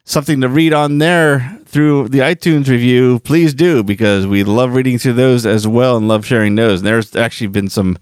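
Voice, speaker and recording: A podcast host chats casually, rambling, correcting himself as he goes, and laughing easily. His medium-pitched voice moves at a moderate pace with hardly any pauses, and the recording is clean, echo-free, and studio quality.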